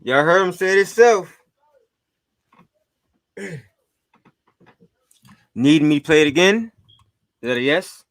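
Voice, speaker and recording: A male podcast host, mid-pitched, with a dry, close sound. He taunts and scolds, asking his listeners question after question as he comments on clips. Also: lively intonation, slow pace, pauses often, fairly bright tone, no room sound. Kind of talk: heated commentary on played clips.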